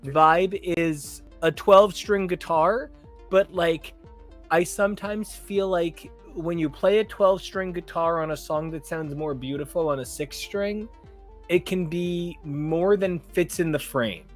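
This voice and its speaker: A man's voice: on the high side, slow, soft background music. Sarcastic, blunt male podcast co-host. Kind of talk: casual chat.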